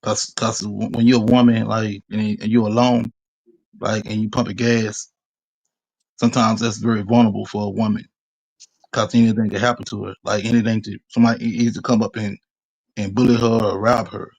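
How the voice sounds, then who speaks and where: A man telling his story in a street interview, halting and repeating himself often. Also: lowish voice, little pitch movement, gravelly, a little mellow, no echo, lo-fi sound. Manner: halting, repetitive, many restarts.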